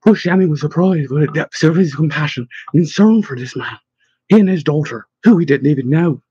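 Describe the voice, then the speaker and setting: Give me a man narrating an audiobook in a mellow, husky voice. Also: on the high side, expressive, brisk, no echo, dull audio. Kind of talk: scripted narration.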